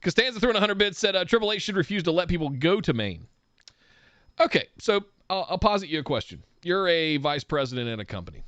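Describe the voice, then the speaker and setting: A man's voice: fairly high pitch, sing-song, fast talker, a bit bright, dry recording, highs cut off. A man co-hosting a wrestling podcast, joking and sarcastic, who laughs often. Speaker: podcast co-host. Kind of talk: casual wrestling podcast chat.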